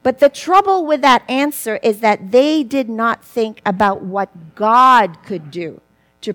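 Expressive woman preaching a sermon. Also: on the high side. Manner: expressive, rising and falling with emphasis, asks the listeners questions.

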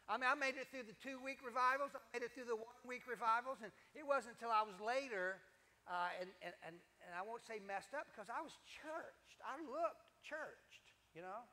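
An older man, a preacher telling his testimony in a sermon, animated and full of repetitions and asides to the congregation. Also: extremely high pitch, moderate pace. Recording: long hall reverb.

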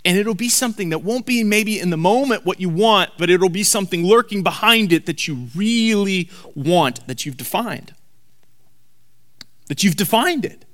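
A man preaching a sermon to a congregation. He talks emphatically and repeats key lines slowly for weight. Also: high-pitched, lively intonation, fairly bright tone. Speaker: pastor. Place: church hall before a congregation.

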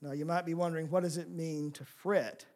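A man preaching a sermon, asking rhetorical questions and moving between emphatic and soft passages. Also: on the high side, steady tone, fairly quick. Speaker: pastor.

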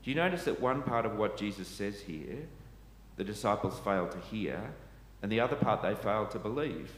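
A man's voice: lowish voice, expressive, moderate pace. A man preaching a sermon, earnest and asking his listeners questions. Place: church. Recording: echoey church hall, faint ambient noise.

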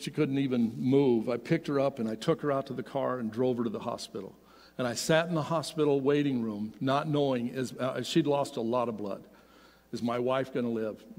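A middle-aged man telling a personal story as a sermon, animated and swinging from loud to hushed. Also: mid-range voice. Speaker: pastor. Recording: long hall reverb.

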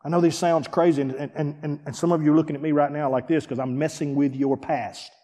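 High-voiced man preaching in a reverberant hall. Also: fairly quick. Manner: animated preaching, swinging from hushed to shouting. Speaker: pastor. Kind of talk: sermon. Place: church sanctuary. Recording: long reverb of a large hall.

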